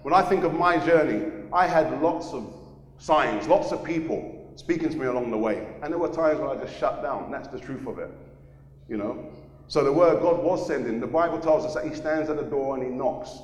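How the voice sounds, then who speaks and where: Earnest preacher in an echoey hall. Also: male voice, mid-range voice, normal speed. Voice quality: earnest, repeats phrases for emphasis. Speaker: pastor. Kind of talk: sermon with personal testimony.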